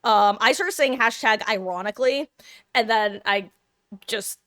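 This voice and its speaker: A woman's voice: on the high side, unhurried, fairly bright tone, dry recording, clean studio sound. A young adult woman from Southern California, streaming and chatting casually with viewers in a rambling, self-deprecating way with casual swearing.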